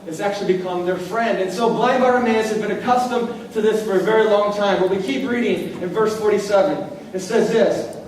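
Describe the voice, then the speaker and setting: A man preaching a sermon as pastor, in a conversational way that slows down on key lines. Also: sits high, slight background noise. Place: church hall. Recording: echoey hall recorded from far off.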